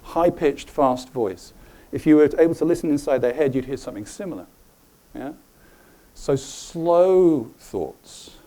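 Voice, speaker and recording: A middle-aged man giving a live presentation to an audience, animated and often checking in with questions. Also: mid-range voice, a little fast. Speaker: presenter at a health talk.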